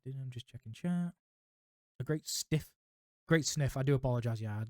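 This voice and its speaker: A man reads a storybook aloud on a livestream and breaks off now and then for relaxed, chatty asides. His voice sits at a middle pitch. The recording is dry and close, with no room sound. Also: moderate pace, dry recording. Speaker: livestream reader. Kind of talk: reading a book aloud on a livestream.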